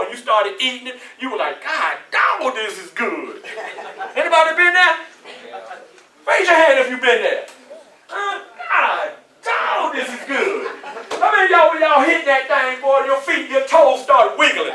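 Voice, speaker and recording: A man with a Southern US accent giving a motivational speech to students in a college hall, preachy and animated, often asking the crowd questions. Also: very high-pitched, fast talker, a little hiss or hum. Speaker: motivational speaker. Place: large echoey college hall. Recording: echoey hall, voice from far off.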